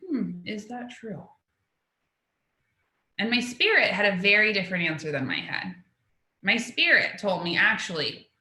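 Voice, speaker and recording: A young woman gives a storytelling talk, her voice bright and forward. She acts out the people in her story as she goes. The room adds a noticeable echo around her. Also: lowish voice. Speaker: speaker at a talk, intuitive. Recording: echoey room.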